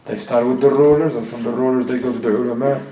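A man's voice: medium pitch, fairly even intonation, fast talker, warm tone, a little hiss or hum. A man giving a religious lesson in English with a non-native accent, often switching into Arabic phrases and recitation. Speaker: Islamic teacher. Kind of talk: religious lesson explaining a text. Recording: echoey room, voice from far off.

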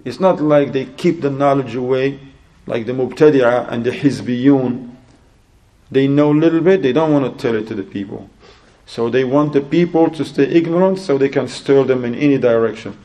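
A man giving a religious sermon in English, telling a story and acting out both sides of a conversation in a lively, rising voice. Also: medium pitch, normal speed. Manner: acts out dialogue in an animated, rising voice; non-native English with Arabic religious terms. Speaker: Islamic preacher.

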